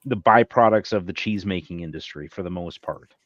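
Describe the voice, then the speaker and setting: A man's voice: low-pitched, fairly quick. A man who drives a truck, talking in blunt, profane casual chat. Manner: blunt, profane, matter-of-fact. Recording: dry lo-fi sound.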